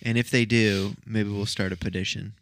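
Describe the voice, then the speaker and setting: A man with a lowish voice chatting easily on a podcast. He is wry and agreeable and often nods along to his co-host. The sound is dry and close. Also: steady tone, moderate pace, dry recording. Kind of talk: casual chat.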